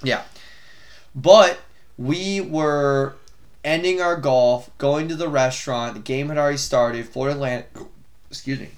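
A young adult man co-hosting a podcast, chatting casually about sports in a rambling, swearing, animated way. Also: medium pitch, unhurried. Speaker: podcast co-host.

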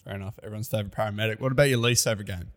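A man's voice: on the low side, fairly even intonation, rapid-fire, long reverb tail. An Australian man co-hosting a casual podcast, introducing segments and asking questions. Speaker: podcast co-host. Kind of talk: casual chat.

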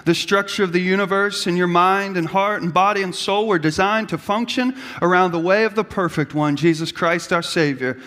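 A man with a very high voice preaching a sermon. He builds from easy talk into rising, impassioned calls. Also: moderate pace, hardly any pauses, a bit bright, big-room sound. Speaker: pastor.

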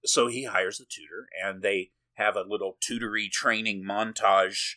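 This co-host has a fairly low, bright and forceful voice with fairly even intonation at a moderate pace. He recaps a film on a podcast in casual, rambling, jokey talk, with frequent swearing and laughter.

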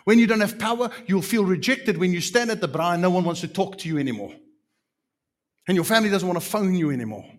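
A man with a South African accent preaching a sermon in an animated, emphatic way, full of rhetorical questions. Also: high voice, quick pace.

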